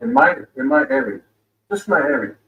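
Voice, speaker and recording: A man's voice: mid-range voice, expressive, a little fast, lo-fi sound. A man who drives for gig delivery apps, talking in a laid-back, rambling way in a vlog clip. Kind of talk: casual vlog talk. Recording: roomy, distant clip audio.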